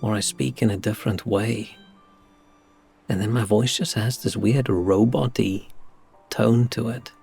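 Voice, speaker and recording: A low-pitched man streaming from home talks unhurriedly to his viewers, his voice gravelly with a husky edge. He rambles, sighs and pokes fun at himself in a soft, slightly mumbled way, close on a desk mic with faint music underneath. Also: steady tone, unhurried, pauses often. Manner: rambling, sighing, self-deprecating. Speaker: game streamer. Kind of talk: casual live-stream chat before gameplay. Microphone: desk microphone with compressor and equalizer.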